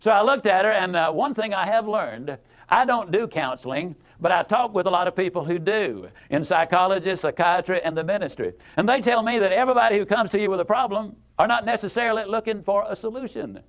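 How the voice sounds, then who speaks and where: High-pitched, folksy motivational speaker man. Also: brisk, highs cut off. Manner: folksy, emphatic, repeats for effect. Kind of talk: motivational speech with storytelling.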